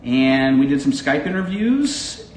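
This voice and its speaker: A man's voice: medium pitch, very animated, a little slow. A man, a police dog handler, answering interview questions in a friendly, easygoing way. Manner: friendly, laughs easily. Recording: echoey room with faint noise.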